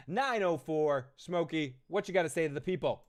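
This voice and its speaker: A man hosting a live recap stream, chatting casually in a loose, joking, profane way. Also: fairly high pitch.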